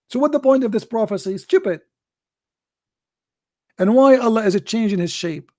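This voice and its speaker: A man's voice: high voice, animated, normal speed, pauses often, dark tone. A middle-aged man with an Arabic accent, hosting a call-in show and giving a polemical religious talk in a mocking, emphatic way with broken grammar.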